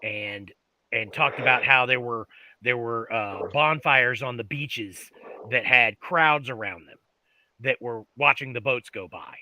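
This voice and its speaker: A man's voice: medium pitch, unhurried, bright, forceful tone, poor audio. A man in casual group chat, telling things in a rambling way with many fillers.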